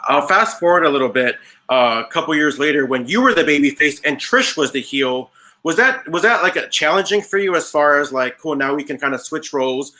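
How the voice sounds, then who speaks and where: A man's voice: on the high side, lively intonation, a little fast, pushed and bright. A male podcast host asking long, winding interview questions. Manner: long, winding questions and brief "mm-hmm" backchannels.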